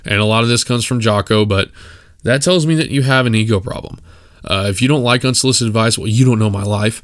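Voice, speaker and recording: A man's voice: medium pitch, quick pace, a bit bright, no room sound, clean studio sound. A man from West Texas, hosting a solo podcast, giving his opinions bluntly with many fillers and restarts. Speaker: podcast host. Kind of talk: casual solo podcast monologue.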